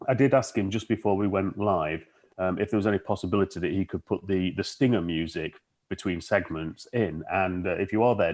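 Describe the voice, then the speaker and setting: A man hosting a live astronomy podcast, playful while leading into segments. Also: fairly low pitch. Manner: playful, animated, links segments. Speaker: podcast host.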